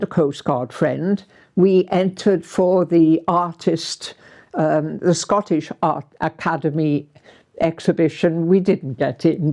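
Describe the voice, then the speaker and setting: A woman's voice: lowish voice, dark tone. A woman in her seventies from Wales, an artist recalling her life in a chatty, meandering way. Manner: chatty, meandering storytelling with fillers. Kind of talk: reminiscing life story.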